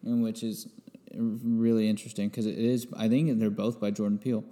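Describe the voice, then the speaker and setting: Very dark-voiced man, echoing room. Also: on the low side, level tone, fairly quick. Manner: loose, trailing off mid-thought. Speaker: guest co-host. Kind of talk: casual chat.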